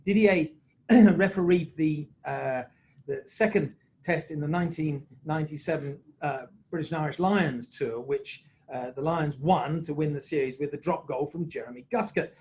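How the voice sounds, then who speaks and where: A man's voice: fairly high pitch, normal speed, darkish tone, a little hiss or hum, low-quality recording. A man, a former rugby referee, telling jokey, self-mocking anecdotes on a video call. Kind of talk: anecdotal storytelling on a webinar.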